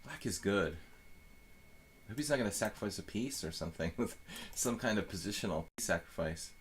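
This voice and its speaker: This is a man with a low, deep voice streaming live chess commentary. He muses out loud in a loose, rambling way, trailing off and restarting his sentences. A faint hiss of noise sits under his voice. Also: lively intonation, a little fast. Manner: thinks aloud, rambling with fillers.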